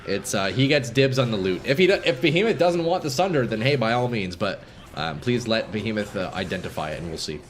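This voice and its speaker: A man streaming live gameplay, commenting casually to his viewers and swinging from calm explanation to excited shouting. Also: fairly low pitch, fairly quick, a little hiss or hum. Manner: casual, profane, addresses chat as boys.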